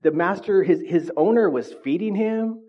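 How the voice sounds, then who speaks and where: A pastor giving a sermon in a conversational way, often checking in with "right?". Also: male voice, high-pitched, moderate pace, lo-fi sound. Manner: conversational, frequent "right?" tags.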